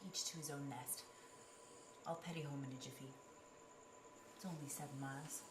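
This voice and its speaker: A woman playing an eccentric, cheerful medium in an amateur stage play, brisk and theatrical. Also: very deep voice, steady tone, roomy sound, far from the mic, heavy background noise. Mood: chirpy.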